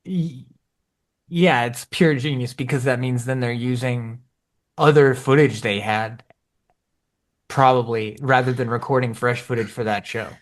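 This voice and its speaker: A man co-hosting a podcast in casual chat, animated, jumping up in pitch when he acts out his own reactions. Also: measured pace. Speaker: podcast co-host.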